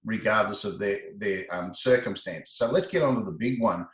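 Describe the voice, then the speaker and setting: A man, a laughter specialist being interviewed, telling stories in an animated way and acting out the voices in quoted exchanges. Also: normal speed, reverberant, poor audio. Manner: expressive, acts out quoted exchanges with rising pitch. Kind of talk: animated conversational storytelling.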